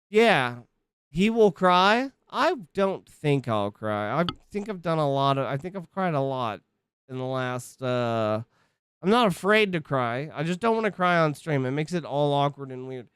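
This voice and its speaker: A man's voice: on the high side, lively intonation, measured pace, a bit bright, clean tone, no room sound. Rambling, foul-mouthed man streaming from home. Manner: rambling, profane, self-interrupting. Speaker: livestreamer. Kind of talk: casual stream chat.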